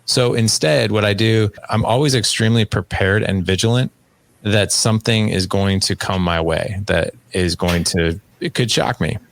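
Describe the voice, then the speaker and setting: Man, 40s, podcast guest; low, gravelly, animated storytelling. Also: moderate pace. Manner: animated storyteller acting out dialogue. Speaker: podcast guest, fatherhood coach. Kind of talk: casual interview conversation.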